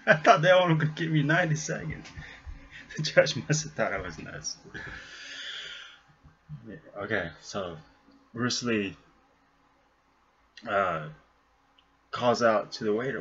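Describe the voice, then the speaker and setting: A man's voice: lowish voice, lively intonation, a little slow, pauses often, fairly bright tone. A man telling a long joke, laughing often as he goes, recorded on a webcam with dull lo-fi sound.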